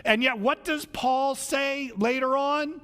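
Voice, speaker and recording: A man's voice: extremely high pitch, fairly even intonation, slow, fairly bright tone, long reverb tail. A male pastor preaching a casual, conversational sermon in a church, acting out the voices of people he quotes.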